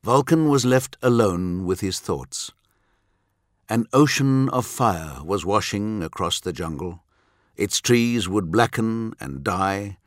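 A man narrating an audiobook in a measured, dramatic manner. His voice is low and his delivery very unhurried. The recording is dry and close to the mic. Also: dry recording.

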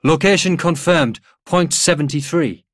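A man voicing a self-assured male tank commander who answers in calm, measured, unbending replies, a little higher than his own voice. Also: no room sound, clean studio sound, natural voice. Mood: composed. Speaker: tank army general.

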